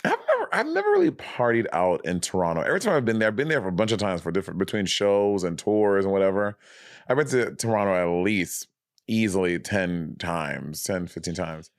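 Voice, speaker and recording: Man, low voice, podcast co-host, animated casual chat, dry close mic. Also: no echo. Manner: animated, quick reactions, laughs easily.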